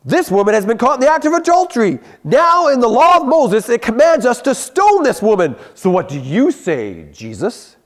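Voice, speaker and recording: A man putting on a pompous, high voice for a Pharisee in a sermon story. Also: huge pitch swings, moderate pace, few pauses, exaggerated voice. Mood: accusing. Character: pompous male Pharisee accusing a woman.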